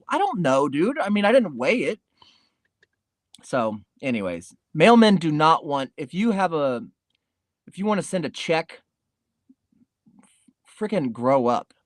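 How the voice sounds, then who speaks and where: A man's voice: mid-range voice, expressive, normal speed, no echo, clean studio sound. A man hosting a podcast in a rambling, laid-back comedic monologue, swearing casually. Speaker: podcast host.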